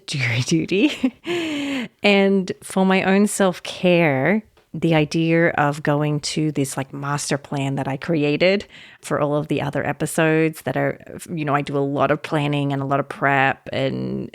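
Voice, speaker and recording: Low, gravelly-voiced woman podcast host. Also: no room sound, studio quality. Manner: warm, gentle, reflective, laughs often. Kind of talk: solo podcast talk.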